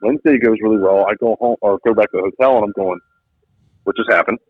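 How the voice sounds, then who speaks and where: A man, a business founder and podcast guest, telling a story in lively conversation and acting out quotes in different voices. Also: fairly low pitch, racing, no echo. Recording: tinny phone-like line, dry.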